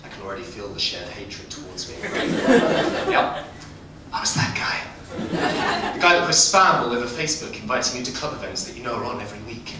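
A man's voice: a little high, big pitch swings, moderate pace, a crowd in the background. A man in his twenties doing a stand-up comedy set on a club stage, with a dry, self-deprecating delivery. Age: 20s. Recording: echoey hall, mic far off. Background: audience laughter and room noise.

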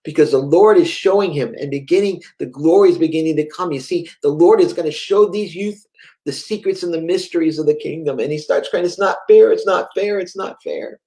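A man preaching a sermon, telling a story with fervor, dropping to a hush and then rising again. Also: a little high, brisk. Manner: impassioned storytelling, swings between hushed and raised; reads viewer comments aloud live.

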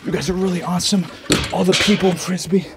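A young man rambling through a flustered, hurried goodbye in a comedic vlog. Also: high-pitched, flat delivery, background noise.

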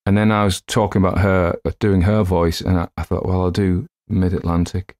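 A man's voice: sits low, level tone, brisk, a little mellow. A man, an audiobook narrator chatting casually and rambling in a self-deprecating way after a reading.

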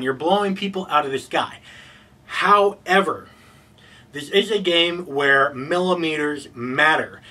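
A man reviews a board game in a bright, forceful voice with a husky edge, upbeat and fond of rhetorical questions before each verdict. He sits a little back from the mic, with faint music under him. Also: on the high side, recorded from a distance, low-quality recording.

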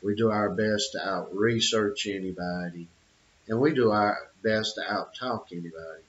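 A man's voice: fairly low pitch, normal speed, a bit bright, slight background noise. A middle-aged man giving an opinionated monologue, emphatic, with repeated phrases and many fillers. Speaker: channel host. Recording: dull lo-fi audio.

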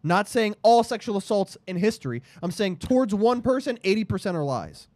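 A man co-hosting a podcast in casual chat, bantering and often letting his words trail off softly. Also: high-pitched, lively intonation, brisk, no echo. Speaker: podcast co-host.

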